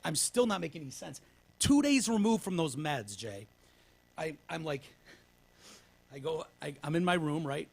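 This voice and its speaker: A man from Michigan, a podcast co-host telling a long story in casual, profane talk. He drops to hushed whispers when quoting himself. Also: on the high side, very animated, normal speed, creaky, pauses often, husky.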